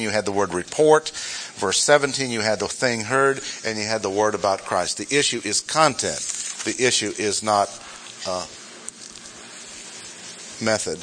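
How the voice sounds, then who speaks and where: A man's voice: fairly low pitch, fairly bright tone, a little hiss or hum. A male pastor preaching a sermon in a church, emphatic, repeating key points and asking rhetorical questions.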